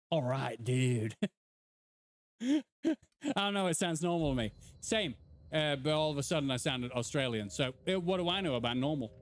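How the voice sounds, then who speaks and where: A man from England with an English accent, chatting casually and swearing as he answers chat during a live game stream. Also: mid-range voice.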